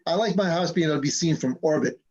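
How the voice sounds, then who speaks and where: A man's voice: fairly high pitch, fast, a little mellow. Chatty man with a slightly muffled voice. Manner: chatty, laughing between stories. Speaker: host. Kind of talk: casual chat on a live stream. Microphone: video call.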